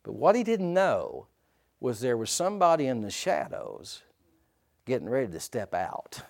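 A man preaching a sermon as pastor, asking his listeners for responses and swinging from hushed to loud. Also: medium pitch, sing-song, moderate pace, gravelly. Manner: asks the congregation for responses.

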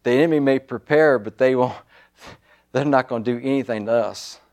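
A man preaching a sermon with fervent, repetitive exhortation, swinging between loud declarations and low, quiet asides. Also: moderate pace.

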